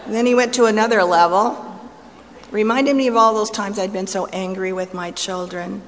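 A middle-aged woman giving a sermon-style personal testimony, storytelling with swings from playful to hushed and intense. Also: medium pitch, fairly even intonation, normal speed, a little hiss or hum. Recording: long hall reverb, faint ambience.

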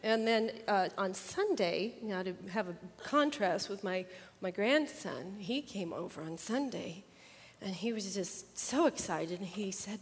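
An older woman, a grandmother, chatting about her grandchildren and then teaching a Bible lesson, animated and laughing as she tells stories. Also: medium pitch, measured pace, husky, long reverb tail. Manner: chatty, animated, acts out children's voices with laughter. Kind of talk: casual storytelling and Bible lesson.

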